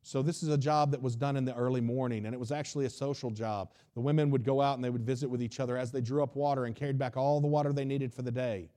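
Male preacher, casual storytelling sermon, warm dark tone. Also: medium pitch, steady tone, fast, hardly any pauses. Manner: retells the story in a folksy, conversational way and acts out its dialogue.

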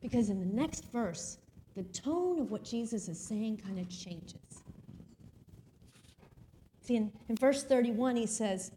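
A woman with a high voice delivers a sermon and reads scripture aloud. She preaches expressively, slowing to a crawl on the words she wants to land. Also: mellow.

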